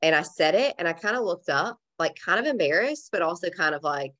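A deep, low-voiced woman shares a painful story as a podcast guest, speaking expressively, a little fast, with a fairly bright tone. Her talk is candid, emotional, and casual, full of the filler "like."

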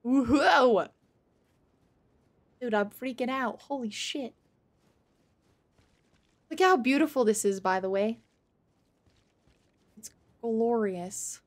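A woman streamer giving live gameplay commentary, excitable, swearing and laughing as she talks to her chat. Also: on the high side, slow, long pauses.

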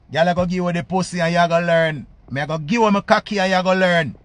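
High-voiced Jamaican man ranting. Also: steady tone, quick pace, hardly any pauses, dry recording. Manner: loud, profane, repetitive patois rant. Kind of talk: ranting monologue.

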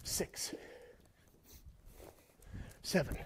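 A man's voice: drawn-out words, a bit bright, a little hiss or hum. A man working as a fitness trainer, counting reps aloud and giving upbeat, encouraging cues while he exercises along. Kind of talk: workout coaching.

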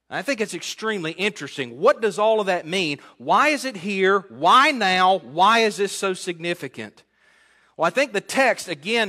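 A man's voice: sits high, bright, forceful tone. A male pastor preaching an expository sermon in a conversational way, often putting questions to his congregation. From United States.

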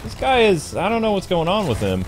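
A man's voice: high-pitched, huge pitch swings, a little fast. Wry male gameplay commentator. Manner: wry, joking asides. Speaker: gaming commentator. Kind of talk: let's-play commentary. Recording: faint game music behind.

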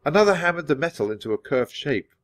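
A man reading a children's chapter book aloud in a clear, steady storytelling manner. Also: on the high side, fast talker, dry recording, studio quality. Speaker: storybook reader.

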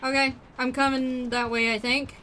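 A woman streaming a game from home, excitable, swearing and laughing as she plays. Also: high-pitched, moderate pace, a little hiss or hum. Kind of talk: live game commentary.

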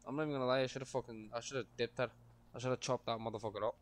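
A young man streaming a game, swearing constantly and breaking into shouted rants. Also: medium pitch, fairly even intonation, rapid-fire. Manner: foul-mouthed, ranting, erupts into shouting. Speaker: gaming streamer. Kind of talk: casual gameplay commentary.

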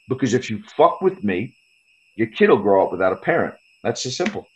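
A man's voice: mid-range voice, sing-song, brisk, lo-fi sound, a little hiss or hum. A man, a guest fighter on a podcast interview, talking in a profane, confrontational and boastful way. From United States.

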